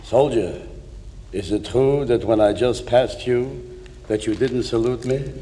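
A man's voice: mid-range voice, measured pace, dark tone, in a large hall, slight background noise, lightly acted. A man playing a pompous male army general in a comedy sketch.

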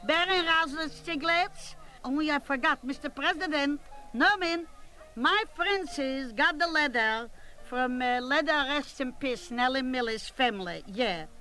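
A woman's voice: sits high, lively intonation, a little slow, pushed and bright, soft background music, heavily acted, low-quality recording. A woman playing a gossipy, bossy woman, rambling and scolding in a comic monologue. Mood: gossiping. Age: 80s. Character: gossipy bossy elderly woman at a family gathering.

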